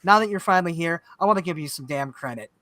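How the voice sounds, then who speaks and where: Game-master host, male, bright and dry-sounding, chatty with fillers. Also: a little high, animated, fast, dry recording. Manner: warm, joking, explains setting with many fillers. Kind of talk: casual livestream chat.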